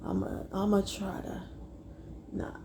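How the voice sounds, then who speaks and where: A young adult woman telling a personal story to her viewers, fighting back tears and speaking haltingly. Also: background noise. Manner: tearful, halting, addresses viewers as y'all. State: close to tears. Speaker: vlogger.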